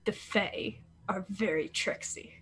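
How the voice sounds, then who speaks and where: A woman voicing a timid blind male wandering bard who speaks quietly and slowly. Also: medium pitch.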